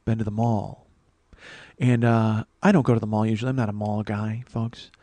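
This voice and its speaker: A man hosting a solo comedy podcast, rambling and self-mocking, swinging between loud outbursts and mumbled asides. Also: lowish voice, little pitch movement, moderate pace, dry recording. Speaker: podcast host.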